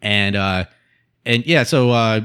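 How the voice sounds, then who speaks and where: A man's voice: fairly low pitch, takes it slowly, a bit bright, smooth. A man chatting casually about a film, laid-back and jokey with slangy asides. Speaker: co-host reviewing a film. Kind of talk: casual chat.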